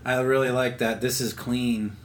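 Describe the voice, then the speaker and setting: A man with a mid-range voice hosts a casual podcast from his home, chatting about beer and spinning an animated, playful story. A light hiss of background noise sits under his voice. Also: mid-range voice, normal speed. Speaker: podcast host. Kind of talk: casual beer-tasting chat. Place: his own house.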